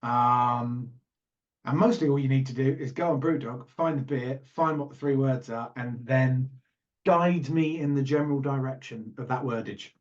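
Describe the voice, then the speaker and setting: A man's voice: medium pitch, normal speed. Male podcast co-host, playful rambler, muffled lo-fi recording. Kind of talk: casual chat.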